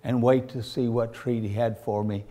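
A man's voice: medium pitch, little pitch movement, normal speed, warm tone. A man preaching a sermon, telling stories in a folksy way and rising to fervent emphasis. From Virginia, USA.

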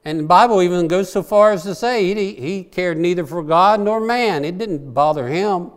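A man's voice: high voice, normal speed, smooth. Earnest preaching man, lilt. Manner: earnest, rising to impassioned pleading. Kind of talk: sermon.

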